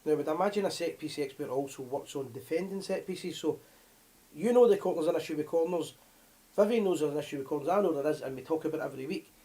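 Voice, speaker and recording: A man's voice: fairly high pitch, fast talker. A Scottish man co-hosting a fan live show in casual chat, telling stories with lots of laughter. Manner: animated storytelling, laughs often.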